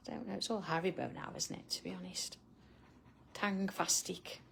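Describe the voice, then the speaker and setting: Gravelly chatty woman. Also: mid-range voice, fairly even intonation, moderate pace, a little hiss or hum. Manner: chatty, laughs often, answers viewers by name. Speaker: art tutorial host. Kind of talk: chatty live drawing tutorial.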